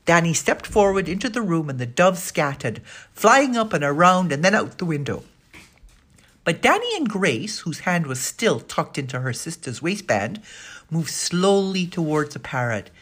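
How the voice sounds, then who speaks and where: A woman with a low, slightly husky voice reads a children's storybook aloud. Her pitch moves lively through the sentences, and she lifts her voice for the characters' lines. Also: normal speed. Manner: expressive, voices the dialogue. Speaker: narrator. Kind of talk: storybook reading.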